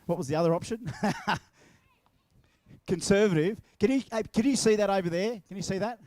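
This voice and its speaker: High-voiced joking Australian MC. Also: male voice, moderate pace, a little mellow, no room sound. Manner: jokey, playful, teasing. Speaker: event MC. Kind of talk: crowd banter at a live event. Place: outdoor drag racing track.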